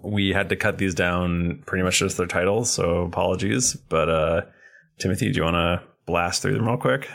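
Podcast host, man, very low voice, easygoing casual chat. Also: fairly even intonation, moderate pace, creaky, a bit bright. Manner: easygoing, thanking listeners and wrapping up.

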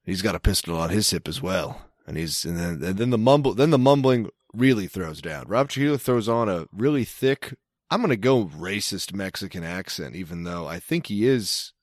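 A man on a podcast rambles in a wry, casual way, stopping and restarting his sentences. His voice sits a little low. It sounds dry and close to the mic. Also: expressive, normal speed, no room sound. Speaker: podcast co-host. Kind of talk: casual chat.

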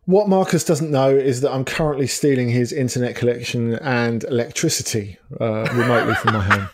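A man's voice: mid-range voice, brisk. A man co-hosting a football podcast who talks in a rambling, hesitant way, full of fillers and restarts. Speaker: football journalist, podcast co-host. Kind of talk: casual podcast chat.

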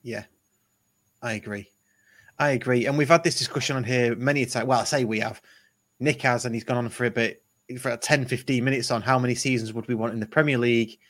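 A man hosting a football fan podcast in easy, rambling chat. He often restarts his sentences and talks in a mid-pitched voice. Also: fairly even intonation, a little fast, fairly bright tone. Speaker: podcast host.

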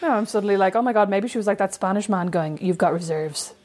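A woman's voice: medium pitch, racing, darkish tone. A middle-aged woman co-hosting a casual chat, chatty and playfully indignant. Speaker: podcast co-host.

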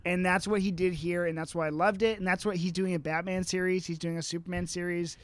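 An enthusiastic man gushes through a casual podcast chat about comics, laughing often. His voice sits high for a man, and the recording is close and dry. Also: level tone, quick pace, dry recording. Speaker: podcast co-host.

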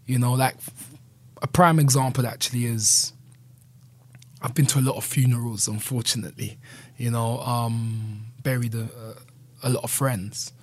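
A man speaking earnestly and candidly as an interview guest, often adding "you know". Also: medium pitch. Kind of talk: reflective conversational interview.

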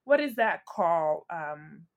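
A woman co-hosting a podcast, reacting in an expressive way and quick to laugh, while she is getting over a cold. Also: sits low, muffled recording. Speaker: podcast co-host. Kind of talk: casual podcast chat.

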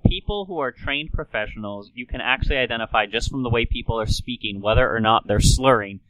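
A man with a bright, forward voice talks through speech science like a host chatting with his co-hosts. His delivery is playful and conversational. The sound is dry and close, with no room echo. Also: medium pitch, a little fast, muffled recording. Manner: playful, slips into an old-timey radio announcer voice. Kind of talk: casual explanatory talk.

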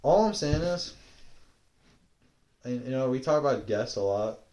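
A young man co-hosting a comedy podcast, loud and jokey, jumping into high excited yelps and laughter. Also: unhurried. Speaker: podcast co-host. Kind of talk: casual comedic banter.

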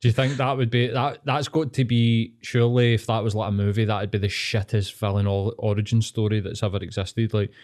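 A man's voice: lowish voice, level tone, a little fast, few pauses, darkish tone. A young man with a Glaswegian accent, co-hosting a podcast with sweary, joking banter. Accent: Scottish, Glaswegian. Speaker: podcast co-host. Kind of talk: casual chat.

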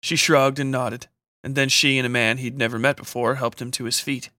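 A man narrating a scripted horror story in a steady, measured reading. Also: medium pitch, no echo, clean studio sound.

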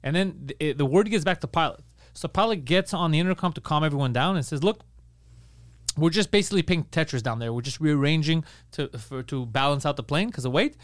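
A man, a podcast co-host, telling a story in casual comedic chat, fast and profane as he rants. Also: on the high side, no room sound, studio quality.

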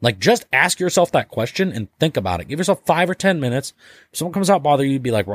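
A man's voice: fairly high pitch, lively intonation, fast, dry recording. A man as a podcast guest talking casually and loosely, filling his sentences with "like", swearing offhandedly and acting out little dialogues. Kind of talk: casual conversation.

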